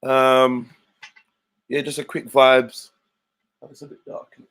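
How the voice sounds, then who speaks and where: Guy hosting a live stream, loose slangy chat, giving shout outs, middle pitched voice. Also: little pitch movement, slow, clean tone. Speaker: livestream host. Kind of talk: casual livestream chat.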